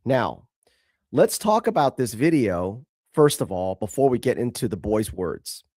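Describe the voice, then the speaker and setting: A man's voice: mid-range voice, sing-song, a little slow, darkish tone, no room sound, studio quality. A male host giving emphatic, scornful commentary on a video clip, repeating himself for stress.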